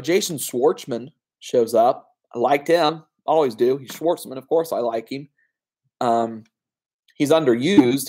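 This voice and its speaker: A man's voice: medium pitch, darkish tone. A man giving casual spoken movie reviews on his own, chatty and full of fillers and asides. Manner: conversational, frequent fillers and asides. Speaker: film reviewer.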